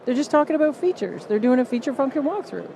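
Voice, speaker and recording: A woman with a Canadian accent, a guest on a live podcast at a conference stage, explaining with lively acted-out quotes. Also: sits high, quick pace, gravelly, a little hiss or hum. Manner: animated, acts out what others say. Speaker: guest author.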